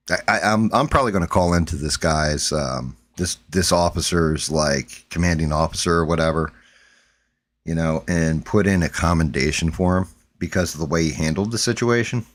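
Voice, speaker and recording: A man with a very deep, low voice tells a long story on his stream. He rambles, swears freely and restarts his sentences often, like casual chat with his viewers. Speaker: stream host.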